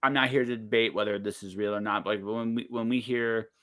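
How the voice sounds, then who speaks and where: A man's voice: fairly low pitch, steady tone, a little fast, pushed and bright. A man in his forties in casual podcast conversation, blunt and emphatic, swearing freely and often cutting himself off mid-sentence. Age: 40s.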